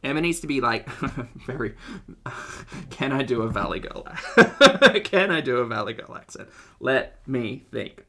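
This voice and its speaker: Young woman rambling to her stream chat, lots of giggles and restarts, sharp bright voice. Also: a bass voice, lively intonation, unhurried. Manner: chatty, giggly, trails off and restarts; addresses her chat directly. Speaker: streamer reacting to videos. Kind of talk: casual live-stream commentary.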